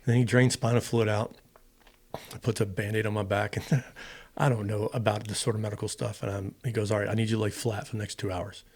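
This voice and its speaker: His voice sits on the low side, fairly quick, flat in delivery and a little mellow. He is a middle-aged former fighter pilot from the United States, guesting on a podcast and casually telling a long personal story while acting out both parts of the dialogue.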